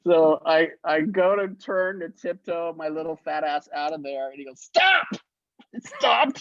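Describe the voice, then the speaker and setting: Animated storytelling man, dry dull sound. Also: on the high side, moderate pace, no room sound. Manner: animated, acts out the people in his stories. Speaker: interview guest. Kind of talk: anecdotal storytelling.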